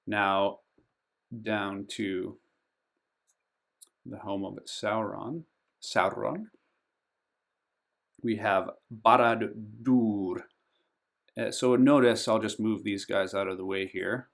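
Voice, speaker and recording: A man hosting a pronunciation tutorial over a game map. He speaks slowly and carefully, draws out and stresses each name he teaches, and fills pauses with frequent ums. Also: fairly low pitch, vocal fry. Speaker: board game channel host.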